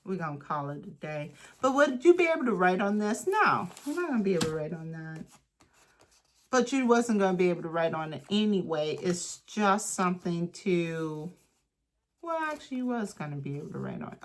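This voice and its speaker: In a casual craft tutorial, a woman who makes craft and journaling content thinks aloud and talks to herself while working. Her fairly low voice has a sing-song quality, and her delivery is slow and unhurried with many pauses.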